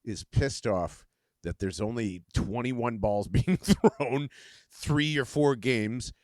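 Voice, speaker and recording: A man's voice: mid-range voice, slow pace, darkish tone, no echo, clean studio sound. A man hosting a casual solo sports podcast from his bed, rambling, laughing often and swearing as he gets worked up. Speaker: podcast host. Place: in bed at home.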